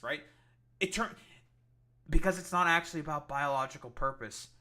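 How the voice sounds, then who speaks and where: A male streamer reacts to a clip with a heated, sarcastic rant, swearing constantly throughout. His mid-range voice sounds pushed and bright.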